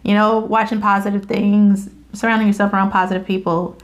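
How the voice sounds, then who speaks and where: A woman in her thirties chatting casually about faith, acting out quotes with big jumps in her voice and frequent laughs. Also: a little fast. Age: 30s. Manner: animated storyteller, acts out quotes with big pitch jumps and laughs.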